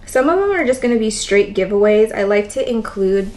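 A woman with a raspy, tired voice and constant vocal fry, chatting casually in a plant vlog. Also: medium pitch, lively intonation, brisk, darkish tone, slight background noise, low-quality recording. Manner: chatty, rambling, lots of "like". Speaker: plant vlogger. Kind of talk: casual chat while potting plants.

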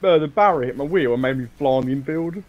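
A man's voice: medium pitch, fast talker, highs cut off. A man playing a racing game with a friend, laughing and joking about his own crashes. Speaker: co-player. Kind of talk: casual gameplay banter.

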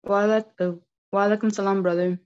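Flat low woman on a lo-fi call. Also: quick pace, clean tone. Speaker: convert taking shahada. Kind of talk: conversation on a video call. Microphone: video call. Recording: dull lo-fi video call audio.

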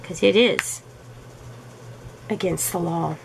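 Gravelly-voiced chatty woman vlogger. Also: lowish voice, takes it slowly, slight background noise, poor audio. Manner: chatty and amused, full of rhetorical questions. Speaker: crafting vlogger. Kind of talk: casual chat.

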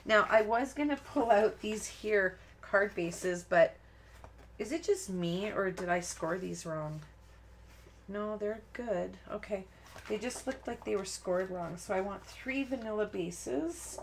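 A woman in the middle of a live crafting demonstration talks through each step in a loose, chatty way. She starts sentences, abandons them and starts again, and chuckles at her own mistakes. Her voice sits at an ordinary pitch for a woman, under a faint layer of background noise. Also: slow pace, gravelly. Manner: chatty, rambling, self-interrupting, laughs at herself. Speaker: crafting tutorial host.

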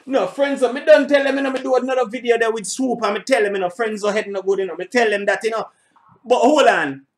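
A man's voice: very high-pitched, fast. A middle-aged man, hosting a reaction video in a rambling, casual way, repeating himself and swearing now and then. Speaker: reaction channel host.

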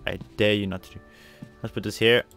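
A man's voice: fairly low pitch, little pitch movement, a little fast, vocal fry, a bit bright. A man giving casual, chatty commentary while playing a video game, muttering his reactions. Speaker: gameplay streamer. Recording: faint game music behind.

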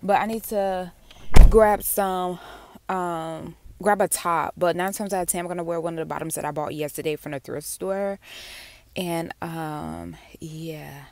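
A young woman talks casually to her viewers, calling them y'all and girl. Her voice is smooth and a little sleepy, set slightly low. A faint hum of background noise sits under her speech. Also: fairly even intonation, unhurried, a little mellow. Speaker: vlogger. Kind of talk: casual vlog chat while running errands. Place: in a car and stores.

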